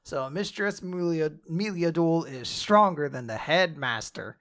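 Brief: man, slightly high voice, laughs through a casual episode recap. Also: a little slow, a bit bright. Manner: laughs often while retelling scenes. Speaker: podcast co-host recapping an anime episode. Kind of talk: casual chat.

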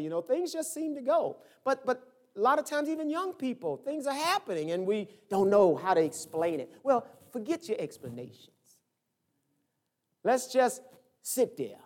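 High-voiced pastor preaching in a conversational way. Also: male voice. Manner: conversational preaching, swings from soft to loud and high. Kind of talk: sermon.

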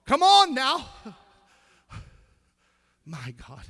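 A middle-aged preacher with a notably high voice delivers his sermon with fervor. He sings lines of a song, laughs along with his congregation and calls back to them. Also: big pitch swings, moderate pace, pauses often. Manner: loud, preachy call-and-response with singing and laughter. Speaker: pastor.

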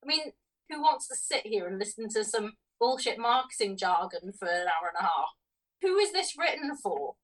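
A woman's voice: medium pitch, very animated, moderate pace. A woman co-hosting a film podcast, dismissing a bad movie with wry, laughing criticism. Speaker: podcast co-host. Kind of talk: casual film review chat. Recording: voice distant from the mic.

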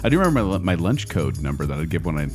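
A man co-hosts a casual conversation about films. His voice sits low but swings up and down a lot. He often restarts his sentences as he goes. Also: very animated, rapid-fire, darkish tone, faint music behind. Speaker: podcast co-host. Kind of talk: casual chat about movies.

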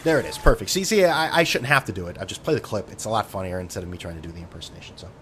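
A man's voice: lowish voice, lively intonation, racing, hardly any pauses, fairly bright tone, a little hiss or hum. Sardonic man rambling on a podcast. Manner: sardonic, profane, tangent-prone. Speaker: podcast host. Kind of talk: casual rambling monologue.

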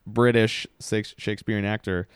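A man co-hosting a casual podcast, sharing trivia facts in a relaxed way. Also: on the low side, normal speed, clean tone, dry recording, studio quality. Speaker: podcast co-host. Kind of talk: casual chat.

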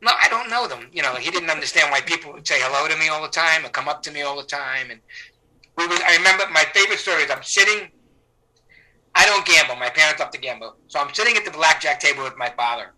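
A middle-aged man telling stories in an interview, rambling and full of restarts. His voice sits a touch high, with a sharp, forceful brightness. He acts out the people he quotes. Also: lively intonation, quick pace, low-quality recording. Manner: rambling, with many restarts and fillers. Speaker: actor, interview guest. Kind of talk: casual anecdotal storytelling.

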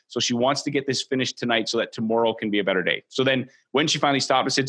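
A man in his forties, a podcast host coaching mortgage agents in an energetic, motivational way that acts out quoted thoughts. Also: medium pitch, fast, few pauses. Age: 40s.

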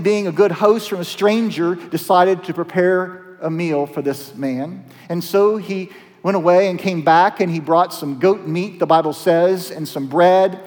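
Male pastor narrating with high pitch and long reverb, playful storyteller. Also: darkish tone. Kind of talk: storytelling sermon.

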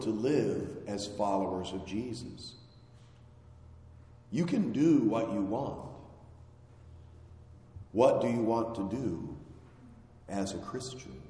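A man preaching a sermon, slow and emphatic, with phrases that fall away at the ends. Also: fairly low pitch, warm tone. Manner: slow, emphatic delivery with falling phrase endings. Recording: very echoey hall with long reverb.

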